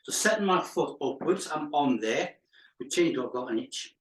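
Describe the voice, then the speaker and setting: A man's voice: fairly high pitch, expressive, moderate pace. A male fitness instructor leading a live exercise class, counting reps aloud with chatty asides and laughing at his own jokes. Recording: echoey room, mic far off.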